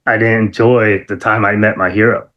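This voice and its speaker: A middle-aged man, a former wrestler, telling animated stories as an interview guest, excitable, with many fillers and sudden high-pitched outbursts. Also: moderate pace, highs cut off. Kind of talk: animated storytelling.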